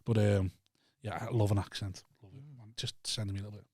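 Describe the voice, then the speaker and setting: A man's voice: on the low side, steady tone, a little mellow, dry recording, clean studio sound. A man with a Liverpool accent hosting a podcast, bantering in casual chat. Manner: rapid, bantering. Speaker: podcast host.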